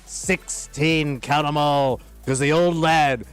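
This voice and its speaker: Casting: man doing a blustering foreign soccer pundit, muddled accent, somewhat high voice, faint music underneath. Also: slow. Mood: mock-earnest. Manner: jokey, deadpan bluster. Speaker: radio co-host.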